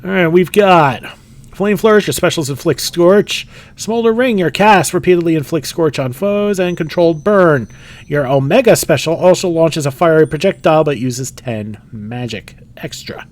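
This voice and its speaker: A man's voice: fairly high pitch, animated, normal speed. A middle-aged man hosting a gaming channel, giving upbeat, casual let's-play commentary with laughs.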